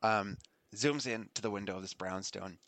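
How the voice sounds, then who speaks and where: A man's voice: lowish voice, normal speed, fairly bright tone, no echo. A man narrating a tabletop game as game master, rambling and laughing as he goes. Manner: rambling, laughing, self-correcting.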